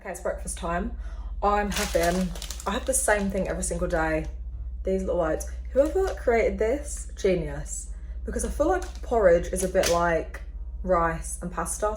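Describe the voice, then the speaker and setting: A young woman chats to camera while she goes about her day at home. Her voice sits a little low, and her delivery is upbeat and talkative. Soft background music runs quietly beneath her. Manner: chatty and upbeat, talks to camera. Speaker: vlogger. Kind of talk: casual vlog chat. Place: home, indoors.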